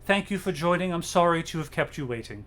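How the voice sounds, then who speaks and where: A man's voice: on the high side, lively intonation, fairly bright tone, pitched above the performer's own voice. Man doing a commanding old matriarch. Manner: commanding, measured, formal. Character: imperious old human matriarch, about eighty-five.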